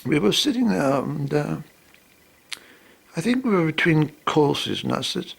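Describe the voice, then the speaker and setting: A man's voice: a little high, very animated, measured pace, creaky, long pauses, breathy edge. A man telling a humorous personal anecdote in a rambling way, full of fillers and asides. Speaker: storyteller.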